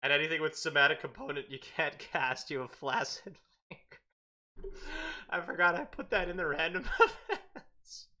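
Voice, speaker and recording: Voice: mid-range voice, lively intonation, normal speed, sharp tone. A dungeon master narrating an improvised tabletop game, laughing often mid-sentence.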